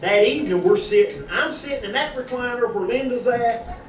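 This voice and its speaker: Animated man, echoey and distant. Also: extremely high pitch, brisk, a little hiss or hum. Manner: animated storytelling, acting out quoted dialogue. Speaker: husband giving a church testimony. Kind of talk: personal testimony told to a congregation. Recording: echoey room from far off with a crowd.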